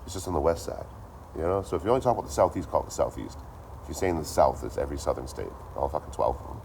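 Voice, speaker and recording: Deep-voiced guy streaming, cussing and repeating himself, faint road noise behind. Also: rapid-fire, gravelly. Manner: profane, animated ranting with repeated lines. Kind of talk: casual rant to a live chat.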